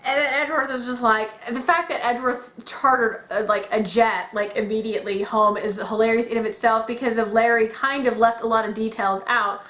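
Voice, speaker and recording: A woman chatting casually as a podcast co-host, acting out quotes with big jumps in pitch. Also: fairly even intonation, a little fast, hardly any pauses, fairly bright tone. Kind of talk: casual chat about video games. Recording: echoey room.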